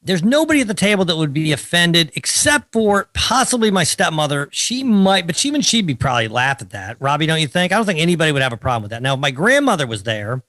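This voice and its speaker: A man's voice: on the high side, fast talker, few pauses, dry recording. A man, co-hosting a casual podcast, telling stories with wry teasing. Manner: animated storytelling, wry teasing. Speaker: co-host.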